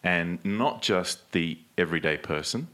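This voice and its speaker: A man's voice: deep voice, unhurried, sharp tone. A man co-hosting a live podcast before an audience, trading playful, joking banter. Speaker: podcast co-host.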